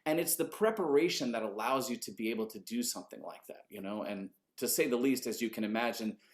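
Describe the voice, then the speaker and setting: A man, an orchestra conductor, telling a story in an animated, conversational way and swearing casually. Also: medium pitch, quick pace.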